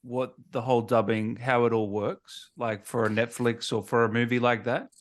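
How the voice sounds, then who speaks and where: A man's voice: mid-range voice, little pitch movement, normal speed. A man hosting a podcast interview, asking questions and agreeing with short replies. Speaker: podcast host. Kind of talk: casual interview chat.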